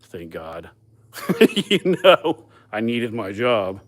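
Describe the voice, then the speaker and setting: A man's voice: fairly low pitch, expressive, slow. A man, hosting a casual live chat and telling rambling, profane stories with frequent laughter. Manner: profane, laid-back, laughs often. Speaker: livestream host.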